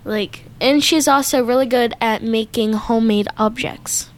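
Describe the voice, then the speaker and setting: Chatty woman with a higher voice. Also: measured pace. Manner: chatty, filler-heavy, giggly. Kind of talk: casual chat.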